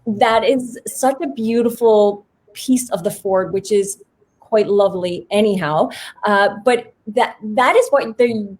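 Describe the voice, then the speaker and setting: A woman hosts an interview over a video call. She sounds enthusiastic and effusive, with a voice at a middle pitch. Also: measured pace, a little mellow. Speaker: host.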